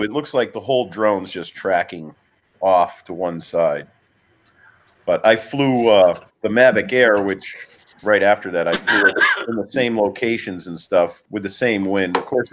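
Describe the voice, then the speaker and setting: A man chatting in a relaxed, rambling way on a casual live call. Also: on the low side, a little hiss or hum. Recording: muffled, lo-fi call audio.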